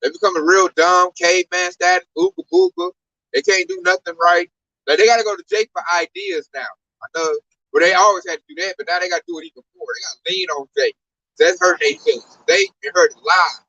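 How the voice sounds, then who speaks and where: A man's voice: high voice, quick pace, dry recording, dull audio. A man talking in a casual religious discussion, emphatic and slangy, telling stories with lots of energy. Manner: emphatic, slangy, animated storytelling. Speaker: discussion speaker. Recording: distant mic, dry sound.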